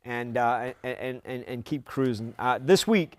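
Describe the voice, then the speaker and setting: A man's voice: mid-range voice, measured pace, no room sound. A man co-hosting a casual trade show, joking around with frequent laughs and keeping things moving. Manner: jokey, upbeat, frequent laughs. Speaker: co-host. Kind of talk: casual chat.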